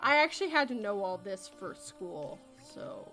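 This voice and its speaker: A woman's voice: mid-range voice, big pitch swings, normal speed, sharp tone, soft background music. A Canadian woman hosting a casual podcast chat, rambling through explanations and laughing often. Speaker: podcast host.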